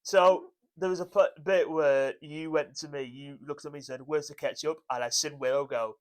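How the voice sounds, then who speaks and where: A man's voice: on the high side, fairly even intonation, moderate pace. A man, co-hosting a podcast in casual banter, swearing freely and laughing often. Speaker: podcast co-host.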